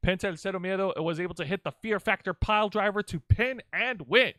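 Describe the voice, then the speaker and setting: Bright-voiced man recapping wrestling casually. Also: high-pitched, brisk, no echo, clean studio sound. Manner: rambling, playful, restarts sentences. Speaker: wrestling show co-host. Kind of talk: casual podcast chat.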